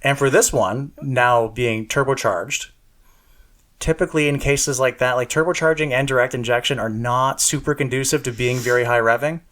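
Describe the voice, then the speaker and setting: A man's voice: medium pitch, normal speed, fairly bright tone. A man co-hosting a car podcast, chatting casually with lots of fillers and a self-deprecating humor. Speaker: podcast co-host.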